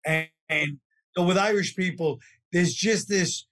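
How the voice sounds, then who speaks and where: A man's voice: high voice, unhurried, fairly bright tone. A man, chatting as a comedian guest, wry and rambling, often trailing off mid-sentence. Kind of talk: casual podcast chat.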